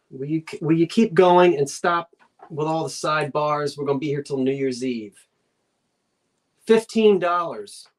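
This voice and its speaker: An older woman with a New Jersey accent runs a live online antiques sale, slow and easygoing in her delivery. She chats and rambles, talking to herself and to her viewers along the way. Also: low voice, darkish tone.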